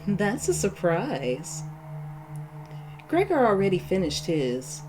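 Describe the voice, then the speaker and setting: A woman reading out a deranged woman captor's lines in a game, coolly menacing, with clear music playing behind. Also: mid-range voice, wildly swooping pitch, slow, low-quality recording. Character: unhinged cheerful woman caretaker turned captor.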